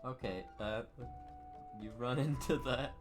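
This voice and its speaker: A man narrating as dungeon master of a tabletop game over an online call, halting and full of fillers. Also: mid-range voice. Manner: halting, with frequent fillers and laughs. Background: background music.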